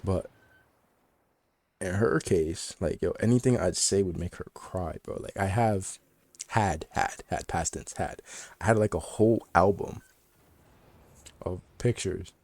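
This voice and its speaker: Young guy rambling a story, lotsa slang n laughs, low warm voice. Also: no room sound. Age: young adult. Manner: joking, slangy banter with laughs. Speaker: vlogger. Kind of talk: casual storytelling to camera.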